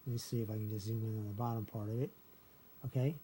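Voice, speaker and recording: A man's voice: fairly low pitch, fairly even intonation, quick pace, mellow, a little hiss or hum. A man explaining step by step in a casual screen-share lesson, tacking "okay" onto nearly every phrase. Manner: repeats "okay" after nearly every phrase, counts syllables aloud. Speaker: video creator teaching a memory trick.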